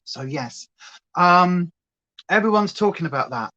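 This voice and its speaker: A woman's voice: deep voice, expressive, moderate pace, fairly bright tone, dull audio. A British woman hosting a livestream from home, chatting casually and going off on tangents. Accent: British English. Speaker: livestream host. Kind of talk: rambling casual chat.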